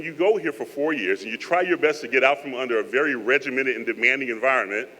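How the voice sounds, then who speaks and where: A rather high, sharp voice belongs to a man giving cadets a guest speech that mixes jokes with earnestness, spoken as if in conversation. Mains hum runs under the echoey hall audio.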